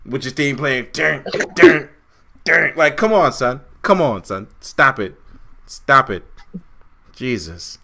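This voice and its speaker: A man's voice: mid-range voice, sing-song, takes it slowly, sharp tone. A young man co-hosting a casual wrestling review podcast, ranting with lots of swearing and repetition. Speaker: podcast co-host.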